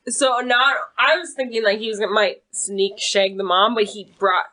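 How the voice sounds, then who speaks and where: Female podcast guest, average pitch, casual banter with blunt, joking comebacks. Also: fairly even intonation, normal speed, pushed and bright. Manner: blunt, wisecracking reactions.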